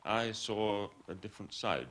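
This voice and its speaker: An actor playing a formal, measured army officer in a 1980s period TV drama. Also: male voice, fairly low pitch, fairly bright tone. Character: composed male army officer, loyal to regiment.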